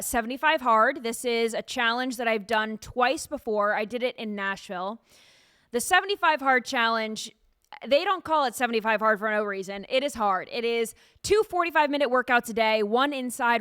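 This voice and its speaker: A woman podcast host in casual chat, telling stories in an animated way with frequent laughter, recorded in a studio. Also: fairly high pitch, clean tone, no echo.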